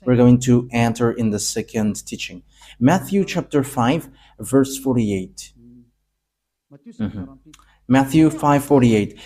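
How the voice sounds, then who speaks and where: A man's voice: medium pitch, expressive, slow pace, pauses often, dark tone. A man from Madagascar, preaching a sermon in emphatic, declamatory bursts. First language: Malagasy.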